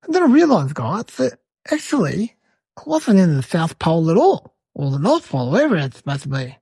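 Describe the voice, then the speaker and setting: A cheeky little boy, voiced by a woman, rambles through a silly story, peppering it with "like" and "right?". His voice sits low and gravelly with a husky edge. The recording is close and dry. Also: big pitch swings, brisk, mellow, no room sound, exaggerated voice. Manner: rambling, chatty, full of "like" and "right?". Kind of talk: storytelling to camera.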